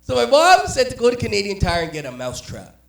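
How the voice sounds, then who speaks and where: A man from Jamaica, doing a stand-up comedy set with punchy storytelling and quick character voices. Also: high-pitched, wildly swooping pitch, gravelly, a bit bright. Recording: roomy, distant mic.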